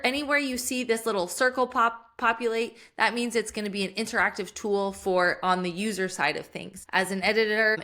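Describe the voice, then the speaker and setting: A young woman teacher walks through a software tutorial in an upbeat, enthusiastic way. Her voice is bright and forward. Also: medium pitch. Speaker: teacher and tech tutorial host. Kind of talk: screen-recorded software tutorial.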